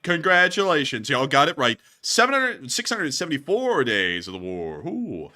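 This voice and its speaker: Man, livestream host, bright and animated, jokey. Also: fairly high pitch, moderate pace, few pauses. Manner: laughs often, jokey and rambling. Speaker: news stream host. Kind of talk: casual livestream chat.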